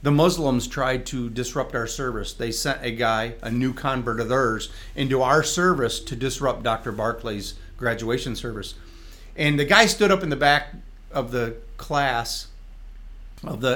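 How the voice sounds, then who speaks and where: A man, a reverend from Michigan, telling his testimony as a guest on a faith talk show, animated and storytelling, at times breaking into tongues. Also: mid-range voice.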